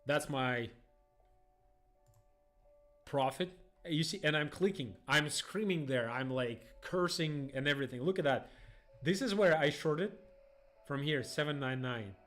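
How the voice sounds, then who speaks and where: Excitable man. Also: a little high, a little slow, long pauses, soft background music. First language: Russian. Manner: rambling, excitable, non-native phrasing. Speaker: day trader streamer. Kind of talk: live trading stream commentary.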